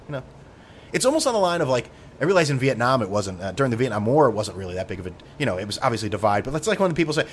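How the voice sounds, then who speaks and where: A man in the middle of a casual podcast monologue, sardonic and freely profane. His pitch rides up and down with lively swings, and his voice sits in an ordinary middle register. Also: fast talker, slight background noise. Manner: sardonic, profane, tangent-prone. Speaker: podcast host.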